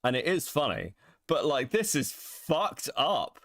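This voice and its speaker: A man's voice: fairly high pitch, very animated, slow, fairly bright tone, no echo, clean studio sound. A man hosting a podcast, commenting casually with wry laughs and offhand swearing. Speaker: host.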